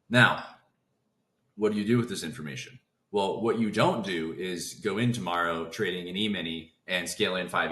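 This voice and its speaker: A man hosting a casual trading lesson. He talks fast, keeps breaking off his own sentences and restarts them. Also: sits low, bright, forceful tone, reverberant. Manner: fast talker who interrupts his own thoughts. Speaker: trading video host.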